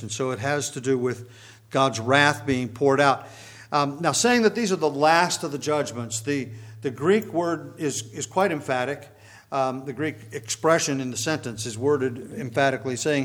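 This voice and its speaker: A man's voice: mid-range voice, normal speed, fairly bright tone. Man teaching a Bible passage. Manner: explanatory, with frequent ums and restarts.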